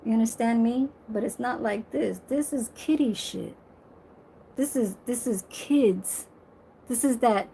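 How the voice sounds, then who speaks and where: A woman, talking slowly and bluntly to her camera. Her voice sits fairly high, and she swears freely. Faint noise hums in the background. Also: gravelly. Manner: blunt, emphatic, profane, laughs loudly. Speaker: vlogger. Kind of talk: casual monologue to camera.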